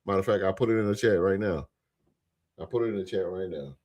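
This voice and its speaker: A man's voice: low voice, quick pace. Laid-back man hosting a sports podcast. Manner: laid-back, repeats phrases, shouts out chat members. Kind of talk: casual live-stream chat.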